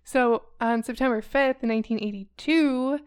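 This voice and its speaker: A woman's voice: on the high side, normal speed, clear, resonant tone. A young woman co-hosting a true crime podcast, telling the story in a casual, chatty way with hesitations and laughs. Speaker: podcast co-host.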